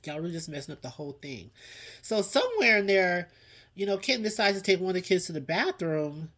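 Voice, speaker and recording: A man's voice: high-pitched, big pitch swings, fairly quick, a bit bright. A man giving a chatty TV review in a casual vlog, with dramatic reactions and frequent laughs. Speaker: TV show reviewer.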